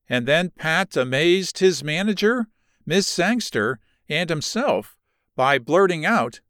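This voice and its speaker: A man narrating a novel in an expressive, measured reading. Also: fairly high pitch, smooth, dry recording, studio quality. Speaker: audiobook narrator. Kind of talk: scripted narration.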